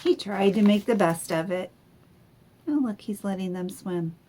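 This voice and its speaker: A woman reading a picture book aloud to children, gently asking them questions. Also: mid-range voice, measured pace, slight background noise.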